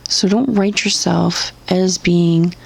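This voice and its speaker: A woman's voice: on the low side, fairly even intonation, slow pace, gravelly, a little hiss or hum. A young woman ranting in blunt, sarcastic, profanity-filled commentary. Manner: sarcastic, blunt, swears constantly. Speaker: commentary vlogger.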